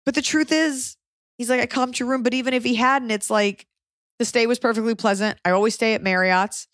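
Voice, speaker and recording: A woman's voice: on the high side, brisk, no echo, studio quality. A woman comedian hosting a podcast, telling stories in casual chat and acting out other people's lines. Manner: animated storytelling, acting out quotes.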